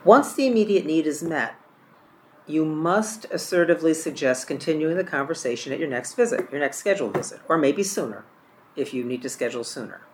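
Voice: mid-range voice, lively intonation, a little fast, slight background noise. A trainer teaching a caregiving class from a course book, reading examples aloud and often repeating or correcting their own words.

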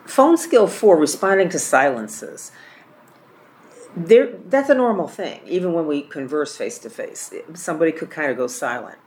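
A course trainer walks a class through phone skills for caregivers, working page by page through a training book. The voice sits in a middle pitch and reads each example aloud, often repeating or correcting a word along the way. Faint room noise hums underneath. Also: expressive, moderate pace.

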